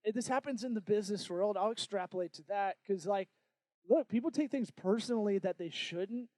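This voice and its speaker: A man hosting a podcast in casual comedic chat, playful and jokey, breaking into loud bits. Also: sits high, a little fast, no echo. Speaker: podcast host.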